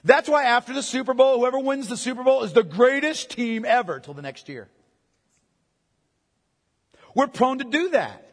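A man preaching a sermon as pastor, emphatic, swinging from loud declarations to hushed, intimate passages. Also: very high-pitched, expressive, moderate pace, long pauses, in a large hall.

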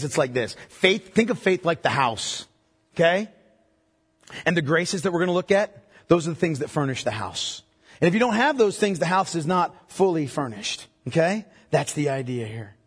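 A man's voice: on the high side, breathy edge, big-room sound. A male pastor preaching a sermon, emphatic and checking in with the congregation through repeated questions.

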